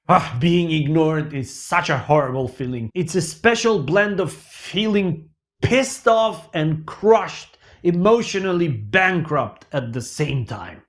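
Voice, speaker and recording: An animated man with a Macedonian accent hosts a comedic monologue show, his fairly high voice moving slowly as he swings from loud outbursts to mock-sad mumbling.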